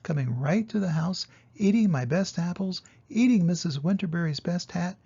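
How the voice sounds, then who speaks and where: Grandpa doing a grumbling old grandma. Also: male voice, high voice, animated, moderate pace, vocal fry, mellow, husky, pitched above the performer's own voice, full character voice. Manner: complaining. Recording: dull lo-fi recording.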